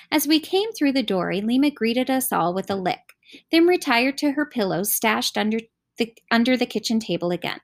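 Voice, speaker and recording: A woman reading a novel aloud as scripted audiobook narration, expressive and animated. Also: a little high, normal speed. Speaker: audiobook reader.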